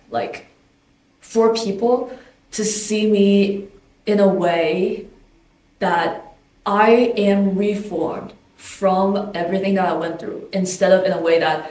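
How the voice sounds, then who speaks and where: A woman giving a candid, thoughtful personal reflection as a documentary interviewee. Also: medium pitch. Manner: candid, thoughtful, with casual fillers. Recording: roomy distant mic. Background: soft guitar music.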